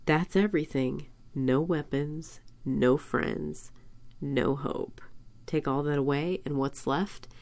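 A woman quoting a brooding male vampire's lines in her own low voice, barely shifting it. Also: takes it slowly, vocal fry, a little mellow, full character voice. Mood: menacing. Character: brooding male vampire, menacing then lost.

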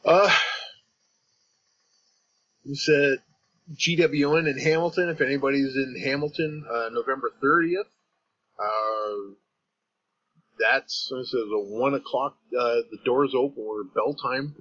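A Canadian man with a Canadian accent talks through a casual podcast chat, rambling and restarting his thoughts. His voice sits at a middle pitch, and the recording sounds dull and lo-fi. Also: unhurried, long pauses, fairly bright tone. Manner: rambling, self-interrupting, laughs often. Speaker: podcast host and guest.

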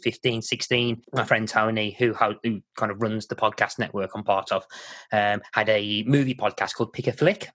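A man's voice: on the low side, steady tone, normal speed, a bit bright, no room sound. A man from the Black Country with a Black Country English accent, chatting as a podcast guest in a rambling way with lots of fillers. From Walsall, Black Country, England. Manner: rambling, many fillers and restarts. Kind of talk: casual chat.

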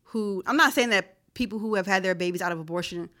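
A woman co-hosting a podcast in casual chat, slangy and animated, laughing often and repeating herself for emphasis. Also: medium pitch, quick pace. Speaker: podcast co-host.

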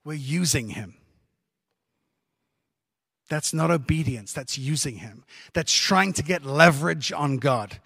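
A man preaching a sermon as pastor, lively and conversational, with joking asides to the congregation. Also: on the high side, takes it slowly, gravelly, pauses often, husky. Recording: long church reverb.

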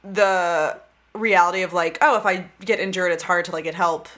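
A young woman co-hosting a casual movie podcast, bubbly and jokey, with quick asides. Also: fairly low pitch, steady tone, fairly bright tone. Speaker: podcast co-host. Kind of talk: casual chat.

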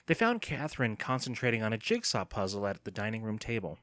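Expressive male audiobook narrator. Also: lowish voice, quick pace, no room sound, clean studio sound. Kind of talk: scripted narration.

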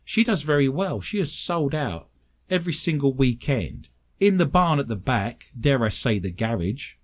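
A British-accented man, a paranormal investigator and medium, is a talk show guest. In a medium-pitched voice at a moderate pace, he tells animated, self-mocking stories in a casual way.

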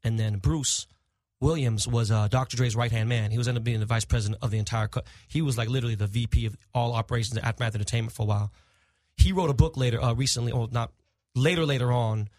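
A middle-aged man on a podcast, telling animated, profane stories in casual chat and acting out the people he quotes. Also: mid-range voice, quick pace, dry recording, studio quality. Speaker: podcast guest. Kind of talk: casual storytelling.

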